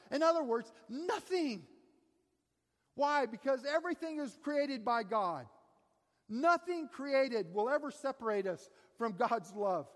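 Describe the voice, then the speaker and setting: A man preaching a sermon, emphatic and impassioned, sometimes easing into soft, earnest tones. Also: very high-pitched. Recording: long reverb of a large room.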